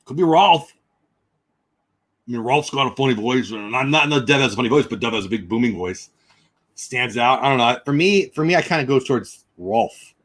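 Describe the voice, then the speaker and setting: Husky-voiced guy rambling on a livestream, talks to chat, voice jumps all over. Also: medium pitch, animated, moderate pace. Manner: chatty, rambling, thinks out loud. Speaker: livestream host. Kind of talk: casual livestream chat reading comments.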